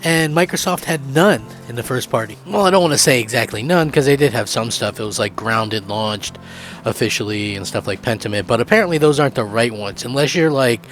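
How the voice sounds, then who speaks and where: An eager man talks through his gaming opinions in a rambling way, full of fillers and loose restarts. His voice sits at a middle pitch. A faint music track plays quietly underneath him. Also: brisk. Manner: excited, rambling, many fillers. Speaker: gaming channel host. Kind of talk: opinion commentary.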